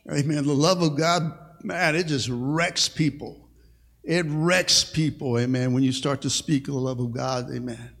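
A man's voice: medium pitch, steady tone, measured pace, gravelly, fairly bright tone. A man preaching a sermon as pastor, with call-and-response and frequent "amen.". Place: church sanctuary. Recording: long reverb of a church hall.

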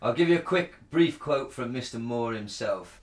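A man's voice: mid-range voice, lively intonation, moderate pace. A man from England co-hosting a casual podcast chat, swearing freely and reading quotes aloud. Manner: sweary, reads quotes aloud, laughs often. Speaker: podcast co-host. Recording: echoey room.

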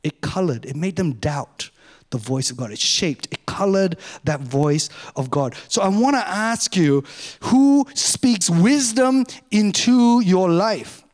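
A middle-aged man, a pastor, giving a sermon in a conversational, self-mocking way, speeding up and slowing down often. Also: high voice, animated, a little mellow. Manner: conversational, self-mocking, varies pace a lot.

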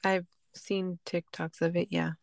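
A woman podcast co-host tells a story in relaxed, casual chat. She laughs along and drops to a whisper for quoted lines. The sound is dry and close-miked. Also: fairly low pitch, unhurried, creaky, no room sound.

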